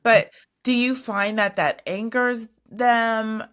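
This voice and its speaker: A woman's voice: fairly high pitch, steady tone, slow, a bit bright, clean tone. A woman podcast host asking curious, encouraging questions. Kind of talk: interview questions.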